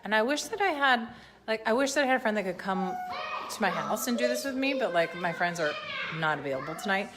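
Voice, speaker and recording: A woman's voice: mid-range voice, animated, fast talker. Frazzled, chatty woman. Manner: chatty, self-mocking, frazzled. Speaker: vlogger hosting a live stream. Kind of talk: casual live-stream chat. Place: home kitchen. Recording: echoey home room with clear background noise.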